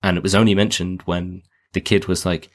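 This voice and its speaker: A man co-hosting a podcast and talking through a film in casual chat, rambling and animated, with plenty of filler words. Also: low voice, fairly quick. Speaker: podcast co-host.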